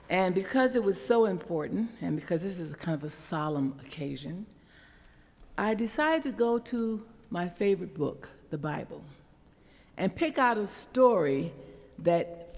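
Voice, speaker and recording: A woman's voice: lowish voice, vocal fry, darkish tone. A woman retelling a Bible story at an interfaith prayer service, in a chatty, conversational way with casual asides. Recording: long hall reverb.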